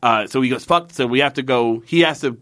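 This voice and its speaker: A man's voice: medium pitch, brisk, a bit bright, dry recording, clean studio sound. A young man casually recapping a TV episode, rambling, swearing and sounding incredulous and sarcastic. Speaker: podcast co-host recapping a TV episode. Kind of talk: casual chat.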